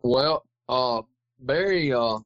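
A man's voice: medium pitch, slow, no room sound. Folksy man spinning a yarn. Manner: rambling, folksy, animated retelling. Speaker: interview guest. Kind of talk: casual anecdotal storytelling. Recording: dry, dull lo-fi recording.

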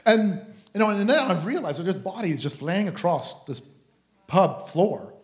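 A man with a French-Canadian accent, a preacher telling a lively testimony story with many restarts. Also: sits high, moderate pace, roomy sound. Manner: animated, chatty, many restarts.

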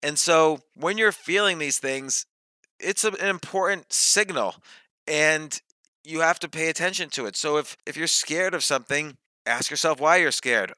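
Guy guesting on a podcast, talks it through with examples, dry close mic, higher pitch. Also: normal speed, sharp tone, clear, resonant tone, no echo, low-quality recording. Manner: thoughtful, explains with examples and self-questions. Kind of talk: reflective podcast conversation.

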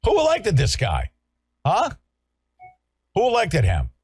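A man from California hosting a talk show, ranting loudly and sarcastically in a combative way. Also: high voice, huge pitch swings, takes it slowly, breathy edge, no echo. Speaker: show host. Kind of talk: heated talk-show rant.

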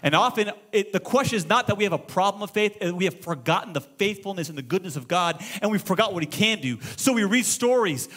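A middle-aged man preaching a sermon as pastor, moving between loud exclamations and hushed storytelling. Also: high voice, animated, quick pace, hardly any pauses. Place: church auditorium.

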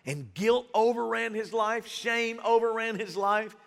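A man's voice: extremely high pitch, a little slow, vocal fry, a bit bright. A man preaching a sermon as pastor in a casual, slangy style, speaking in a church. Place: church sanctuary. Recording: reverberant church hall.

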